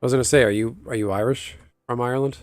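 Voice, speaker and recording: A man's voice: mid-range voice, steady tone, very fast, no echo, clean studio sound. A man chatting casually on a livestream, rambling and answering viewers' chat aloud. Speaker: live streamer.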